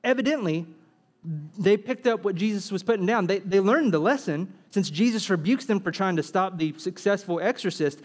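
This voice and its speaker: A man's voice: sits high, moderate pace. A man preaching a sermon, acting out dialogue and asking rhetorical questions. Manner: animated, acts out quoted dialogue, asks rhetorical questions.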